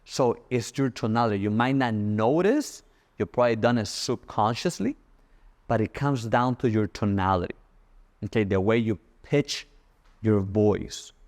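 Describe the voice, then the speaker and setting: A man giving a casual, punchy sales coaching talk, now and then acting out sample pitches. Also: a little slow, a little mellow.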